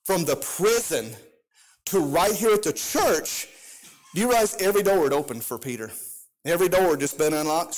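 High-pitched pastor preaching, fervent sing-songy cadence, keeps calling out to the crowd. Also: male voice. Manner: impassioned, sing-song preaching cadence with call-outs to the congregation. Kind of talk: sermon.

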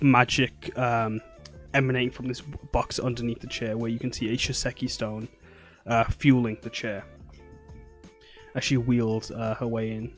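A man narrating a tabletop game as dungeon master, rambling along with plenty of fillers in a mid-pitched voice. Faint music plays underneath him.

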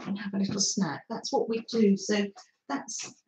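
A middle-aged woman hosting a craft live stream, chatting gently with viewers and laughing often. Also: medium pitch, steady tone, moderate pace, low-quality recording. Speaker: craft livestream host. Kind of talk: casual live-stream chat.

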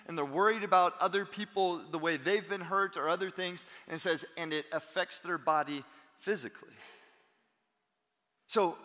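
Bright-voiced pastor in reverberant church. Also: male voice, sits high. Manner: animated storytelling, acting out quotes. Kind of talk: sermon. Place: church sanctuary.

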